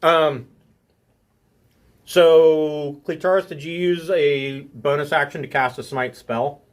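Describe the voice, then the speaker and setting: A man's voice: a little high, steady tone, slow. A man running a tabletop game with a somewhat raised voice. He talks casually, corrects himself mid-sentence and laughs easily. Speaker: game master.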